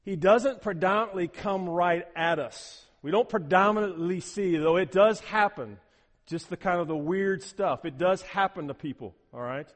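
A man preaching from the pulpit with a fairly high voice that swings between soft and loud. He doubles back on words as he drives each point home. The sound rings out in the long reverb of a big sanctuary. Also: normal speed. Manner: emphatic, repeats words while building a point. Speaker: pastor. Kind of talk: sermon.

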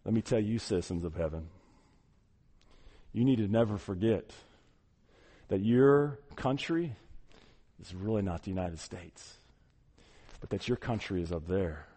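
A man preaching a sermon as pastor, earnest, often repeating words and swinging from loud to hushed. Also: medium pitch, big-room sound.

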